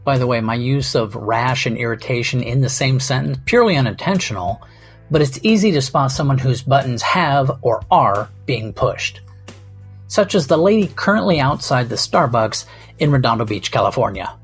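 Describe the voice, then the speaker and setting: A man's voice: medium pitch, animated, normal speed, breathy edge, faint music behind. A man hosting a comedy podcast, delivering a wry, rambling, self-mocking monologue.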